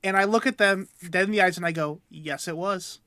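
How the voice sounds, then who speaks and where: A man's voice: high-pitched, fairly even intonation, quick pace, sharp tone, clean tone, no echo. Rambling, laughing young man, dry mic. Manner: rambling, self-deprecating, laughs between sentences. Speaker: podcast co-host. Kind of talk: casual storytelling chat.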